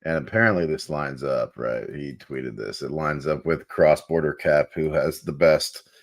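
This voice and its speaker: Super deep gravelly dude going over charts, slow and rambly. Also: male voice. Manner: laid-back, rambling, many fillers. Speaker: co-host chart analyst. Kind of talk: casual chart talk.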